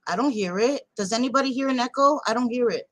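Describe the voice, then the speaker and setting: A woman's voice: fairly high pitch, fast, no echo. A woman hosting a casual livestream, hyper and profane, greeting viewers with pet names. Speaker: livestream host.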